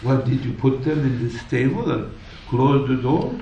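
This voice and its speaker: A man's voice: mid-range voice, sing-song, normal speed, warm tone, highs cut off. A man voicing a fair-minded sultan in a sermon story, giving curt commands in a distant, echoey hall. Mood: commanding.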